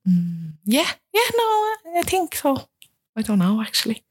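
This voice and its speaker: A woman's voice: fairly high pitch, unhurried, husky. A woman around thirty, a guest chatting casually and animatedly, often acting out what other people said. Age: about 30. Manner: animated, acts out quoted voices. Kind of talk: casual chat.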